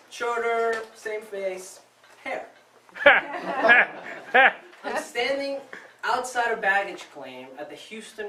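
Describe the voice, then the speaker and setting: Man from Venezuela giving a bright, echoey speech. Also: high voice. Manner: expressive storytelling with dramatic pauses. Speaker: speech contest speaker. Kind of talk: prepared public speech. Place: club meeting room before a live audience. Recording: echoey room, distant mic, faint noise.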